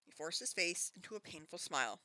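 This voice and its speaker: A Canadian woman hosting a casual book club stream, reading a novel aloud in a lively way. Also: fairly low pitch, fairly quick, dry recording. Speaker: host, reader. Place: home streaming setup.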